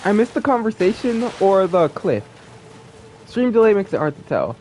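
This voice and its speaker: A man streaming a game live, chatting casually and rambling in an excitable, gushing way. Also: sits high, normal speed, slight background noise.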